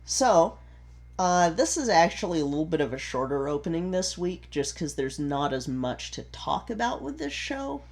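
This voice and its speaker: A man's voice: a little high, very animated, moderate pace, vocal fry, a little mellow. A man co-hosting a casual podcast, explaining theatre with an easygoing, chatty manner and frequent ums and restarts. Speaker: podcast co-host, theatre performer. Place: home recording setup in Utah.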